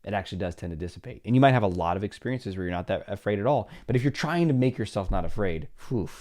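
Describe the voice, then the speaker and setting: Animated man with a mellow, low voice. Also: fast talker. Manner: animated, acts out little dialogues with shifting voices. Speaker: podcast host, psychologist. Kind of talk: solo podcast advice monologue.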